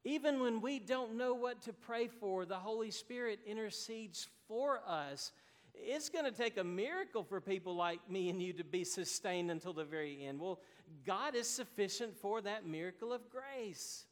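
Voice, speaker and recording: High-voiced male pastor preaching. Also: normal speed, long reverb tail. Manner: earnest preaching, rising to emphatic declarations. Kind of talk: sermon.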